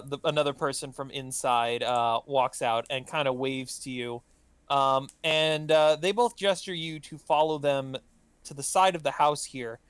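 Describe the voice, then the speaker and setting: A man's voice: mid-range voice, a bit bright, clean tone, no echo. A man running a tabletop game as game master, narrating with many ums and uhs. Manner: hesitant, full of ums and uhs.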